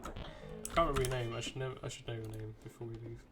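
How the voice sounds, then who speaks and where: Speaking very fast with fairly even intonation, a medium-pitched male streamer rambles through casual commentary on a video game and chats with its characters. The recording is very noisy, with game music underneath.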